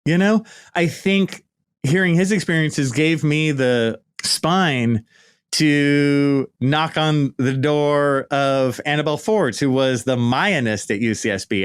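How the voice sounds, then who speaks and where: A middle-aged American man hosting a podcast, reminiscing in a casual, lighthearted monologue full of "right?" and "you know". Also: on the high side. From United States. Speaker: podcast host. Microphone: podcast microphone.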